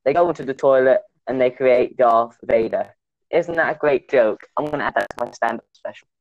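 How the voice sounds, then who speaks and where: A young man co-hosting a podcast, teasing and animated, slipping into silly voices. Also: medium pitch, fairly quick, no echo, lo-fi sound. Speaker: podcast co-host. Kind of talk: casual banter.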